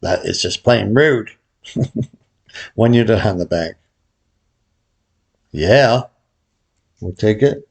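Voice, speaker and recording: A Vegas pro who hosts baccarat videos gives casual play-by-play of his bets, talking directly to viewers as he tracks each hand. His fairly low voice is relaxed, very slow and creaky, with long pauses, and often drops to a mutter.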